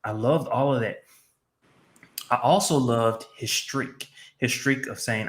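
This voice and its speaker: A man's voice: mid-range voice, slow. A man with a mid-range voice chats on a podcast. He's enthusiastic, laughs a lot, and swears freely as he makes his points. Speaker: podcast co-host. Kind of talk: casual chat.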